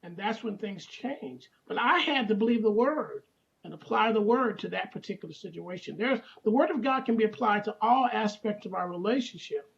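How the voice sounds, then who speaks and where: An older man in his sixties with a gravelly, creaky voice speaks earnestly as a guest, often doubling back on his words. The sound is dull and lo-fi, like a remote line. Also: sits high, animated, normal speed, a bit bright. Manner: earnest, repeats words while finding them. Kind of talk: casual testimony on a talk show.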